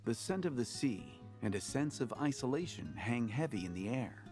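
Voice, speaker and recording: A wry, theatrical storyteller voiced by a man guides the player through a tabletop-style card game tale. His mid-pitched voice rises and falls animatedly as he reads. Faint game music plays beneath him. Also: big pitch swings, normal speed, darkish tone, close to an everyday voice. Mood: storytelling. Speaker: game narrator. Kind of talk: scripted storybook narration.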